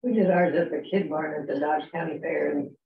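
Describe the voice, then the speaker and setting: A woman's voice: low-pitched, fairly quick, creaky. Chatty woman, distant in a roomy space. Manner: chatty, laughs while telling a story. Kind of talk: casual group discussion. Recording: roomy, distant, dull table mic.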